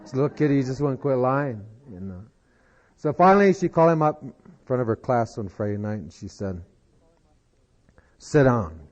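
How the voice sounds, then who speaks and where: A man telling a long folksy joke as a speaker at a recovery meeting, unhurried and full of "he said". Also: medium pitch, expressive. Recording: dull lo-fi 1990s tape.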